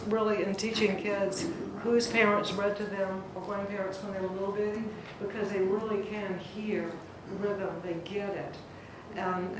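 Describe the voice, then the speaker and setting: Captured from afar by a distant recorder in an echoey room, a chatty woman leads a poetry class, stretching out words to demonstrate their stress. Her voice sits at a medium pitch, and the background is noisy.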